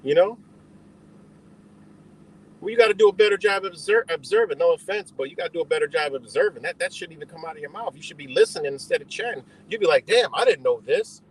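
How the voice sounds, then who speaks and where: Male livestream host, high and lively delivery, rambling, profane, argues with chat. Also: quick pace, a little hiss or hum, poor audio. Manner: answers chat directly. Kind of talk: ranting live stream talk.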